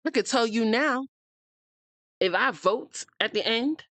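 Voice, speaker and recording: A woman's voice: fairly high pitch, a little slow, fairly bright tone, dry recording. A woman from the United States hosting a reality TV recap, talking bluntly and heatedly, swearing freely and addressing the cast members directly. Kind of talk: opinionated casual recap.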